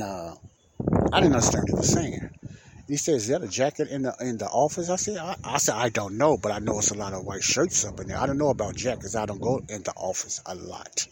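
A middle-aged man hosting a podcast, telling a personal story in a rambling, repetitive way and acting out the quoted dialogue. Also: very noisy. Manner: rambling, repeats phrases, acts out quoted dialogue with raised pitch. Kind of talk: casual storytelling monologue.

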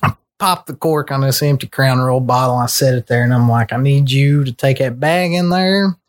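A young American man, a podcast co-host, telling a long story in a casual, profane, animated way, full of slang. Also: medium pitch, normal speed.

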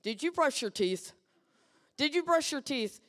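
A woman's voice: sits high, lively intonation, unhurried, a bit bright, in a large hall. A woman preacher mimicking a nagging parent who insistently repeats orders to a child. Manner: insistent, repetitive.

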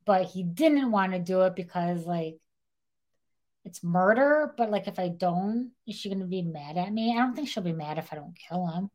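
Her voice on the low side at normal speed, a young woman co-hosts a podcast, casually and animatedly recounting a true-crime story. She acts out people's quotes and uses "like" often.

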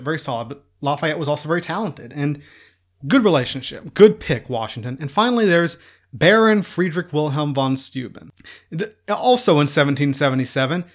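A man giving an informal history lecture in a chatty, sarcastic way, laughing at his own jokes. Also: fairly high pitch.

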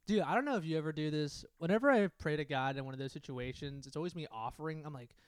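A man's voice: a little high, fast, smooth, dry recording. A man co-hosting a casual podcast from a bedroom, telling laid-back, self-mocking stories. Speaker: podcast co-host. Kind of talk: casual chat.

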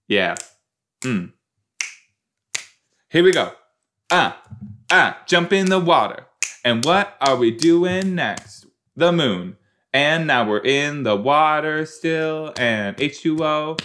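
Male host, unhurried, rambling and chatty, self-deprecating watch-along commentary. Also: mid-range voice, bright, forceful tone. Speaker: reaction podcast host. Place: southern Minnesota.

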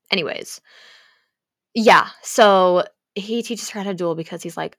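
A young woman talking straight to her viewers about a story she loves. She swears freely and lurches from hushed whispers to loud gasps and near-shouts. Her voice sits in a middle pitch, recorded dry and close. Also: lively intonation, a little slow, long pauses, dry recording. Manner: dramatic, swings between gasps, whispers and shouting. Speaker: fanfiction vlogger. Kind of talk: emotional casual rant about a book.

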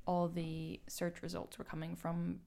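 Woman co-host, gravelly low voice, playful, laughs a lot. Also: monotone, measured pace, dark tone. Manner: playful and chatty, laughs often. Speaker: podcast co-host. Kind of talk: casual podcast chat.

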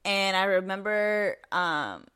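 A woman's voice: mid-range voice, animated, slow pace, fairly bright tone, smooth. Young woman, podcast co-host, casual chat, chatty storytelling, filler words.

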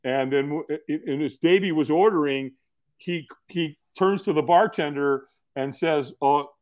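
A man's voice: a little high, measured pace, a little mellow. A middle-aged man, telling his story casually as a podcast guest in an earnest, folksy way. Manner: earnest, folksy, repeats words when starting sentences.

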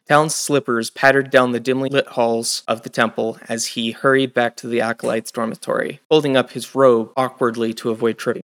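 A man narrates a fantasy audiobook in a steady, scripted storytelling manner. He does the plain narration between the characters. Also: medium pitch, brisk, hardly any pauses, smooth.

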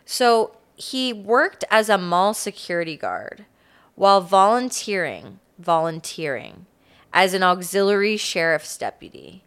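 A woman's voice: mid-range voice, lively intonation, a little slow, fairly bright tone, clear, resonant tone. A woman co-hosting a podcast, casually telling a true-crime story with lots of "like". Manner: laid-back storytelling, frequent "like". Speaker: podcast co-host telling the case.

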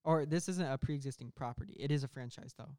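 A young man rambles through a ridiculous movie pitch, stopping and restarting with plenty of "um" and "like". His voice sits at an ordinary middle pitch and sounds close and dry, with little room around it. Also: dark tone, no echo. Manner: rambling, halting, full of fillers and laughs. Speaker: comedy podcast co-host pitching a film. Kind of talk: casual improvised comedy chat.

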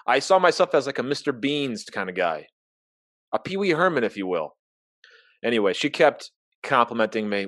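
A man's voice: lowish voice, very animated, moderate pace, fairly bright tone, dry recording. A young man telling an embarrassing personal story in casual chat, candid and self-mocking, acting out the dialogue.

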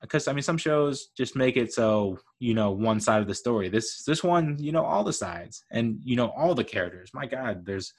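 A man's voice: medium pitch, lively intonation, moderate pace, few pauses, darkish tone. A man giving a casual, rambling spoken review of a TV show, enthusiastic and full of fillers like "uh" and "like".

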